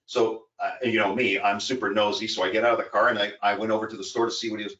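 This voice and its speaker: A man with a fairly low voice tells a story in an earnest, rambling way with plenty of fillers. He sounds set back from the mic in an echoey room. The recording is dull and lo-fi. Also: level tone, fast, fairly bright tone, recorded from a distance. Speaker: co-host. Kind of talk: casual storytelling talk. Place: home in Florida.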